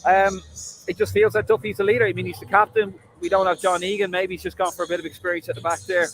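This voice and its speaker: A man's voice: sits high, little pitch movement, quick pace, a bit bright, poor audio. An Irish man hosting a live football fan stream from a stadium, chatting and bantering with viewers' comments. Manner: chatty, jokey banter, frequent fillers. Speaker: football fan livestream host. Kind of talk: casual live chat reading viewer comments.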